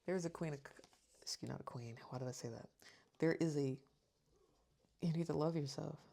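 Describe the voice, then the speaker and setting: A woman's voice sits low, with vocal fry and a dark tone, moving at a moderate pace as she does a tarot reading for viewers. She's earnest and emotional, reading each card's meaning aloud and repeating her reassurances.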